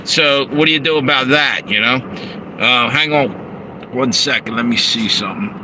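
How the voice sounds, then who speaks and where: A live streamer talks loosely and profanely into his handheld phone in a parked car, reading chat and chuckling at his asides. His mid-range voice comes at normal speed, pushed and bright. The engine and air conditioner hum clearly behind him in the noisy recording.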